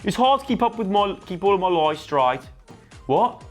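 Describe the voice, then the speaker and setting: A man's voice: sits high, big pitch swings, normal speed, soft background music, pitched above the performer's own voice. A man voicing a cheerful, joking young man with a Birmingham accent. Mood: jokey.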